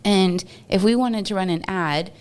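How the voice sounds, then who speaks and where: Podcast guest, woman from Texas, mid-pitched, smooth and clear, lively storyteller who laughs easily. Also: a little slow. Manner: animated storyteller, laughs often. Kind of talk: casual storytelling interview.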